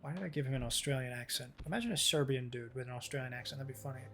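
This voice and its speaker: Gravelly-voiced man streaming a game. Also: medium pitch, rapid-fire, a bit bright. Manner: chatty, swears freely, thinks aloud. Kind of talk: casual gameplay commentary. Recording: game music playing behind.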